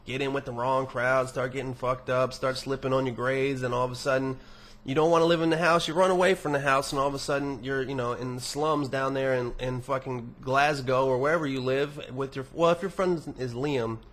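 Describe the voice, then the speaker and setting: A man's voice: medium pitch, fairly even intonation, brisk, hardly any pauses, a bit bright. A young man hosting a podcast, reading listener emails aloud and answering them in a rambling, profane, casual monologue with many restarts.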